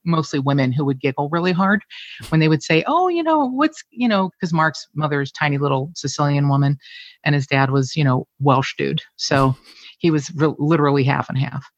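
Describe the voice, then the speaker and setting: A woman's voice: low-pitched, a little fast, no echo, highs cut off. A middle-aged woman from the Cincinnati area, talking candidly and animatedly as a guest in a casual conversation. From Cincinnati area, Ohio. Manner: candid, animated storyteller who curses freely.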